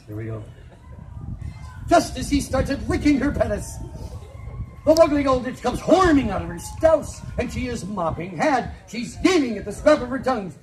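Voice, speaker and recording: A man's voice: very high-pitched, rough recording. A man telling a comic story full of spoonerisms and wisecracks to a crowd on an outdoor fair stage, recorded on a phone in the audience. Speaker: festival storyteller.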